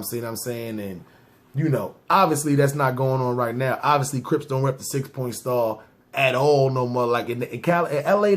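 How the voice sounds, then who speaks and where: Slangy New man telling a story. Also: medium pitch. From New York. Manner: slangy, drawn-out, keeps asking "see what I'm saying". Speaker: podcast storyteller. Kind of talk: casual spoken storytelling.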